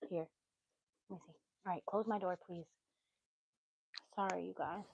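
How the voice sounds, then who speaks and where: A woman's voice: lowish voice, fairly even intonation, measured pace, gravelly, darkish tone, a little hiss or hum, rough recording. A woman giving a casual tarot reading on a livestream, chatty and easily sidetracked, with motherly asides. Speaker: tarot reader.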